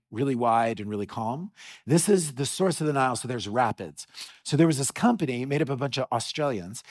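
A middle-aged man preaching a sermon in a church, telling a story with animated energy and frequent restarts. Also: on the high side. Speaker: pastor.

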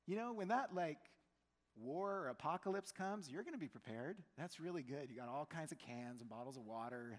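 A male pastor preaching a sermon in a conversational, animated way, acting out quotes. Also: fairly high pitch. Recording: long church hall reverb.

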